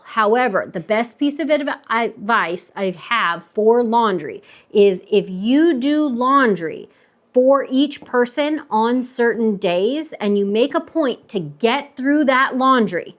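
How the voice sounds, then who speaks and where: A woman in her thirties, a stay-at-home mom giving earnest, emphatic advice to camera, repeating herself for stress. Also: medium pitch. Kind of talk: casual advice talk to camera.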